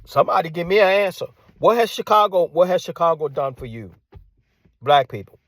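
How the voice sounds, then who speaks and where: A man rants in a combative monologue, hammering the same lines again and again and throwing out rhetorical questions. His voice sits fairly high, at times sinking to a hushed tone. The recording is close and dry, with no room sound. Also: animated, fairly quick, dry recording. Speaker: commentator. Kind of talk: ranting monologue.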